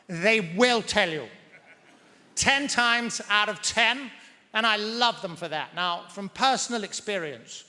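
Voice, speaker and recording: A man's voice: sits high, sharp tone. A man doing stand-up comedy on a big theatre stage in a dry, wordy, mock-pompous manner. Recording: large reverberant theatre hall.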